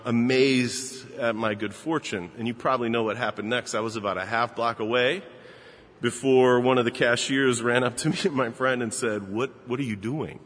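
A man in his fifties, a pastor giving a sermon and telling a personal story in a relaxed, conversational way with frequent fillers. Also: medium pitch. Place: church sanctuary. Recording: long reverb of a large hall.

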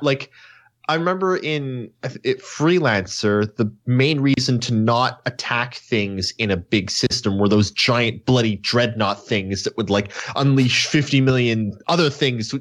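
Man co-hosting a casual chat. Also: lowish voice. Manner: rambling, reads audience questions. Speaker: podcast co-host.

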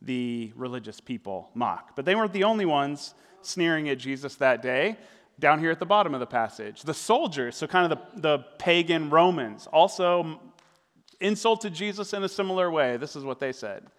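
Male pastor, slightly higher voice, casual sermon delivery, church hall echo. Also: lively intonation, moderate pace. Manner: conversational, with fillers and tag questions.

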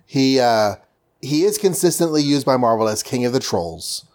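A man's voice: mid-range voice, lively intonation, moderate pace. A man co-hosting a casual podcast chat, hesitant with fillers and dry asides. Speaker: podcast co-host. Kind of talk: casual chat about comics.

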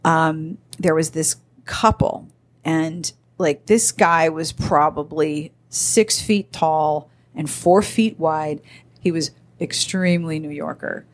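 A woman's voice: sits low, takes it slowly. A woman co-hosting a podcast, telling stories in casual chat and acting out the people she quotes. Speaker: podcast co-host.

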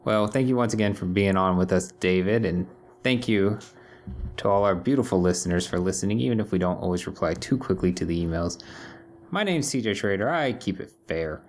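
A man hosting a casual podcast, speaking in a measured way as he wraps up the show. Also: sits low, a little mellow, a little hiss or hum. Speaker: podcast host.

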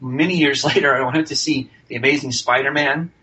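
A man with a bright, forceful voice tells a casual showbiz anecdote as a podcast guest. His talk is chatty and loose, with frequent fillers and restarts, at a middle pitch. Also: steady tone, brisk, poor audio.

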